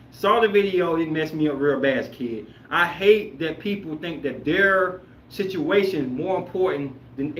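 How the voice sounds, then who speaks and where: Guy hosting a chat show, bright forceful voice, kinda highish, rambles, roomy echo. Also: slight background noise. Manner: animated, emphatic, rambling. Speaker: podcast host. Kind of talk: casual chat reacting to viewer comments. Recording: roomy echoey room.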